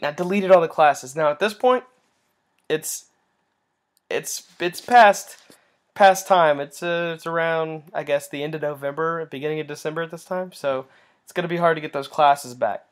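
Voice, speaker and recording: A young man getting over a cold, giving an earnest, halting personal faith testimony with many restarts. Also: fairly high pitch. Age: young adult.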